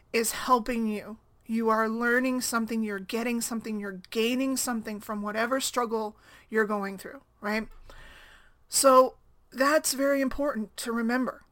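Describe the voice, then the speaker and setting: A single mom blogger in her thirties chats casually about her own life, often asking "right?" and laughing easily. Her voice is a little high and a bit bright.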